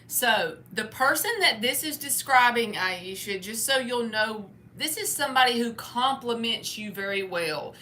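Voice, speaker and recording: A woman's voice: a little high, animated, measured pace, hardly any pauses, bright, forceful tone, a little hiss or hum. Folksy woman reading tarot. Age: 30s. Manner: folksy, candid, casual. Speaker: tarot reader. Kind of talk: live-stream tarot reading.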